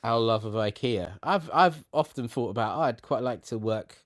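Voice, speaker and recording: A man's voice: mid-range voice, animated, moderate pace, no echo, studio quality. A man co-hosting a podcast over a remote call, chatting casually and going off on jokey tangents with lots of restarts. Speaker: podcast co-host. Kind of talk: casual chat.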